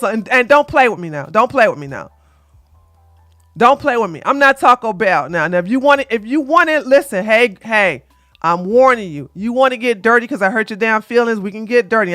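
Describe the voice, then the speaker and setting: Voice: mid-range voice, fairly bright tone, no echo, studio quality. A live-stream dating advice host talking to the chat, brash and scolding, trash-talking with bursts of laughter and repeating phrases for emphasis.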